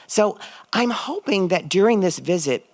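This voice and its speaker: A middle-aged man telling a personal story on stage, expressive and shooting his voice up when excited. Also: high voice, moderate pace, no room sound. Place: stage at a live event.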